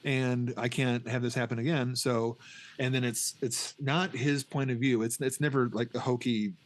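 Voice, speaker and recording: A man's voice: mid-range voice, level tone, moderate pace. A middle-aged man co-hosting a podcast, chatting casually about a film, rambling with many restarts and acting out scenes. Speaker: podcast co-host. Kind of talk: casual film review chat.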